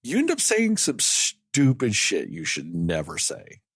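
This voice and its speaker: Animated, profane podcast co-host man. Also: mid-range voice, a little slow, breathy edge, dry recording, clean studio sound. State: tired late at night. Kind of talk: casual late-night chat.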